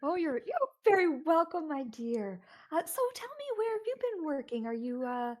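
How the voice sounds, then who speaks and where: A woman's voice: high voice, big pitch swings, moderate pace, voice pushed up. A woman voicing a kindly, gossip-loving motherly woman who dotes on a young lad. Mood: curious. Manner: warm, doting, curious.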